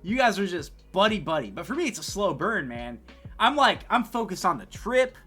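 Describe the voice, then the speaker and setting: Animated man with a bright voice. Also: high voice, normal speed, faint music behind. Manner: animated, swings from loud to mumbled trailing words; laughs often, swears casually. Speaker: podcast co-host. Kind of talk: casual chat.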